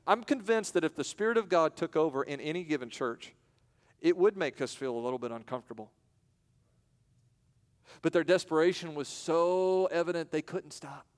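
Preacher man with a smooth voice in a reverberant hall. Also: on the high side, expressive. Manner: preaching with dramatic pauses, acting out voices. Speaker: pastor. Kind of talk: sermon. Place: church sanctuary.

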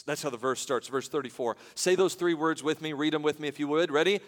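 A man's voice: fairly high pitch, fast, hardly any pauses. Preaching man in a reverberant hall. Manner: dramatic, swings from loud to hushed. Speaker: pastor. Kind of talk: sermon.

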